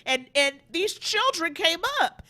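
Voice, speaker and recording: A woman's voice: very high-pitched, expressive, a little slow, bright, forceful tone. A woman comedian from Harlem in casual comedic chat, telling stories animatedly and acting out the lines she quotes. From Harlem, New York. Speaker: comedian guest.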